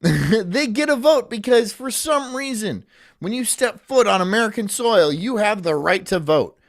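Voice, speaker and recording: A man's voice: sits high, animated, measured pace, creaky. A man rambling sardonically while streaming live commentary, laughing at his own jokes.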